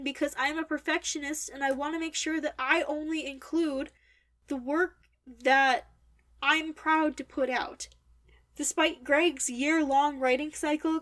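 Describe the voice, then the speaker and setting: A young woman giving an opinionated, wordy critical review of a novel. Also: sits high. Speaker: book reviewer. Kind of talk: critical book review monologue.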